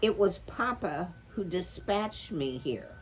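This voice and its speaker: A woman's voice: mid-range voice, takes it slowly, slight background noise, voice pushed up, lightly acted, low-quality recording. A woman voicing a prim, formal young female mouse in a storybook reading, speaking with grave propriety.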